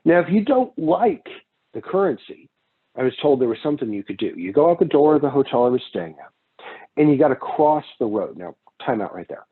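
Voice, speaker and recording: Casual man lecturing on economics, husky tinny sound. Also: mid-range voice, very animated, a little fast. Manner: casual, digressive, with personal anecdotes. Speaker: economics instructor. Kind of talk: recorded lecture.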